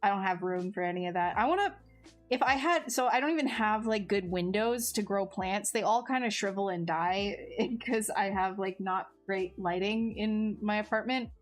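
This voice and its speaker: A woman's voice: medium pitch, normal speed, soft background music. A woman chatting casually on a live stream while she sculpts, answering viewers in a self-mocking way that often trails off and restarts.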